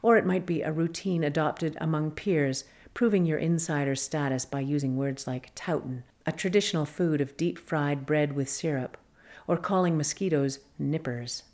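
A woman reading a scripted magazine feature as narrator, measured and even. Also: sits low.

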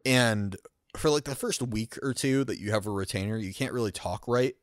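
A man's voice: fairly low pitch, normal speed, dry recording, studio quality. A young man in casual chat, telling anecdotes in a laid-back way and chuckling mid-sentence.

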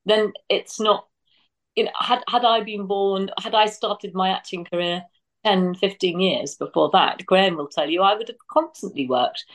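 A woman's voice: mid-range voice, normal speed, low-quality recording. A woman from England, an actress on a chat panel, frank and full of restarts. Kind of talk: casual chat.

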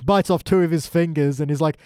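A man chatting casually about a TV episode, swearing and acting out scenes in quick voices. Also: a little high, fairly even intonation, dark tone, clear, resonant tone, dry recording, studio quality. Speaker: podcast co-host. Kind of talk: casual chat reviewing a TV episode.

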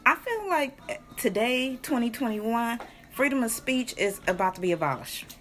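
A woman co-hosting a podcast, talking in a slangy, animated way and swearing freely. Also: fairly high pitch, moderate pace. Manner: animated, profane, talks in a slangy, chatty way. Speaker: co-host. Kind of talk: casual podcast chat.

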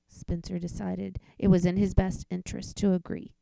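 Gravelly woman reading a picture book. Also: lowish voice, moderate pace, hardly any pauses, dry recording, poor audio. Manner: expressive, whispers the page turns. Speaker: narrator.

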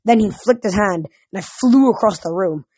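A woman reading a novel aloud in a steady, measured way. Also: medium pitch, husky, no echo. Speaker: reader.

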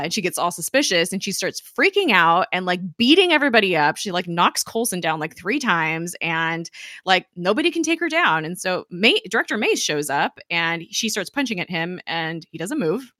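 Woman, casual episode recap, chatty, lots of fillers, bright tone, dry close sound. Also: on the low side, sing-song, normal speed, dry recording. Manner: chatty, filler-heavy, laughs often. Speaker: podcast co-host.

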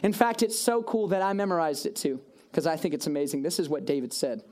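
Quick, casual young preacher man. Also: on the high side. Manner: casual, self-deprecating, lively asides. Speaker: youth pastor. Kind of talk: animated sermon retelling a story.

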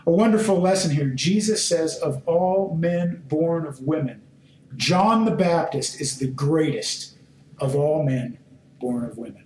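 A man teaching a sermon and reading scripture aloud, speaking in short, deliberate phrases and pressing his listeners with emphatic questions. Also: fairly high pitch, darkish tone, a little hiss or hum. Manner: slow, deliberate phrasing in short measured fragments. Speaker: Bible teacher. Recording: roomy echo.

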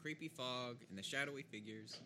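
A man at a mid pitch plays in a tabletop game, trading casual banter. He grumbles about his luck with mock exasperation and a joking edge. A faint noise floor is there. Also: a little fast, bright, forceful tone. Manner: exasperated, jokey complaining. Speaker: player.

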